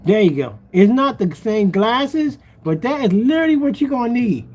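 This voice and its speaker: A man's voice: very high voice, very animated, normal speed, a little mellow, soft background music. A man ranting jokingly in a casual commentary, mocking and slangy, laughing often as he exaggerates. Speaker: screen paint seller.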